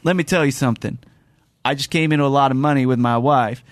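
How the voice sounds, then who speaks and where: A man doing a quick, loose Southern US accent as a big, chatty, baseball-obsessed Uber driver who rambles on with boasts. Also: medium pitch, no echo, studio quality, natural voice. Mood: boastful. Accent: Southern US, put on.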